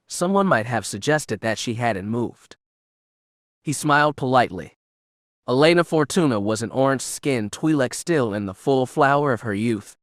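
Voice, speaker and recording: Male audiobook narrator, mid-pitched, measured, dry close mic. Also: no room sound. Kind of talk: scripted narration.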